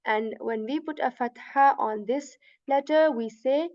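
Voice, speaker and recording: A woman teaching letter pronunciation step by step, patiently repeating each sound slowly and checking in with "right?". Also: sits high, a little mellow, no echo, muffled recording. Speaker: Quran recitation teacher.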